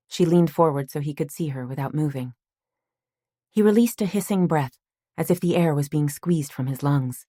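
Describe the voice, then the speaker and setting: A woman narrating an audiobook in a calm, measured storytelling manner. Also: sits low, no room sound, studio quality. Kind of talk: scripted narration.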